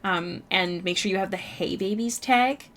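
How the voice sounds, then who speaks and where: A woman's voice: mid-range voice, moderate pace, a bit bright. Chatty young Canadian woman. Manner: chatty, bubbly, lots of "like" fillers. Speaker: art streamer. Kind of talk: casual chat while drawing on stream. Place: home streaming setup.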